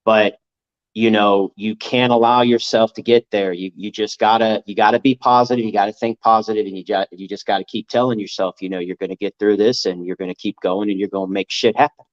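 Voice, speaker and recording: A man's voice: on the low side, fairly even intonation, brisk. A man in casual podcast chat, talking earnestly and motivationally, repeating his points. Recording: dull lo-fi audio.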